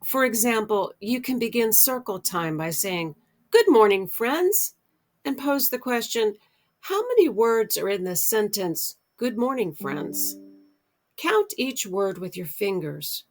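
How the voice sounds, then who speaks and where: A middle-aged American woman explaining early literacy skills, speaking deliberately and drawing out her example words. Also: medium pitch, big pitch swings. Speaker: literacy educator. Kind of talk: instructional explainer.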